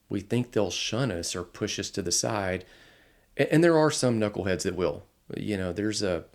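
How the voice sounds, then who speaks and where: A man's voice: lowish voice, vocal fry. A man telling a story in casual podcast chat, acting out the people he quotes. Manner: animated, quotes others in lively voices. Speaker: podcast host, instructor.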